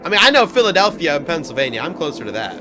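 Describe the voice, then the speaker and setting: A man's voice: fairly high pitch, sing-song, racing, bright, forceful tone, soft background music. A man live-streaming a game, chatting and laughing with his chat in a joking way. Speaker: gaming streamer.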